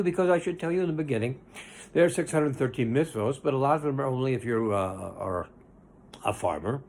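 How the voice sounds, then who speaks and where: A man's voice: mid-range voice, darkish tone. A man giving an informal, earnest Torah lesson as a rabbi, talking conversationally and stretching out the words he stresses. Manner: earnest, conversational, drawn-out emphasis.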